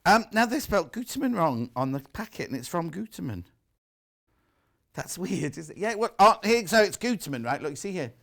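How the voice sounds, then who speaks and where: A man's voice: sits high, very animated, a little fast, vocal fry, fairly bright tone. Chatty British shopping-show man. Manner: chatty, reads viewer messages aloud. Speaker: shopping channel presenter. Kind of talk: live shopping show presenting. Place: windowless TV studio.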